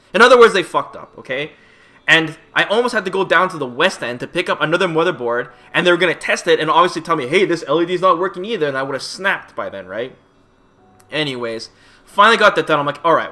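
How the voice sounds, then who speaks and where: A man telling a long exasperated story in a casual vlog, swearing often and acting out both sides of the conversation. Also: a little high. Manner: animated, profane, exasperated storytelling. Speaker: streamer and YouTuber.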